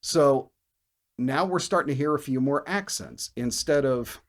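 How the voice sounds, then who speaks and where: A man teaching bass in a video lesson, who explains with energy and scats riffs and counts beats out loud. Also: normal speed, heavy background noise.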